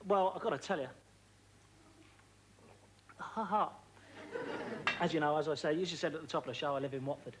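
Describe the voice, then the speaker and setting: A man's voice: on the high side, background noise. A man, a comedian guest on a chat show, rattling off gags and laughing at his own jokes. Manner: quick joking patter, laughing at own gags. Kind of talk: stand-up style chat show banter. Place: TV studio with live audience. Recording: old TV tape, loud studio audience.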